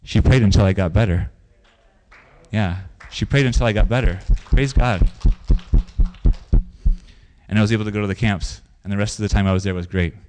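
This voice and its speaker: A man's voice: on the low side, moderate pace, pauses often, a little mellow. A man preaching a sermon in a conversational way, telling stories and repeating phrases for emphasis. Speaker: pastor.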